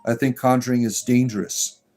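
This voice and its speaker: A man's voice: medium pitch, flat delivery, fairly quick, darkish tone, soft background music. A man hosting a pagan livestream, reading and answering chat comments in a sarcastic, exasperated way with lots of fillers. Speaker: pagan clergy livestream host.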